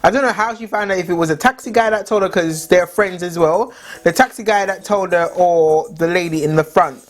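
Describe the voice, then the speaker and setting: A young woman vlogger tells a story in casual storytime style, chatty and full of "like" fillers. Her voice is lowish and her pace brisk.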